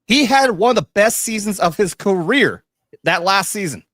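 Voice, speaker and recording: Man, podcast host, lively swooping pitch, profane banter, dry close mic. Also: moderate pace, dry recording. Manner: animated, profane, jokey. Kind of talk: casual chat.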